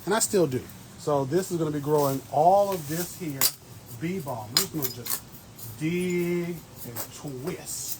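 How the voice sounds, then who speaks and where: A man's voice: fairly high pitch, moderate pace, background noise. Thirties male host, chatty and playful, talking to live viewers from his garden over a phone, faint background ambience. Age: 30s. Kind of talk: casual live-stream chat. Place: outdoor garden beds. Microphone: phone livestream.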